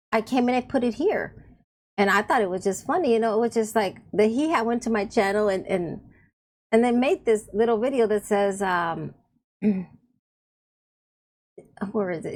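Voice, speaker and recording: A woman's voice: fairly high pitch, a little mellow. Chatty woman who laughs often. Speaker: YouTuber. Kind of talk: casual rambling chat to camera.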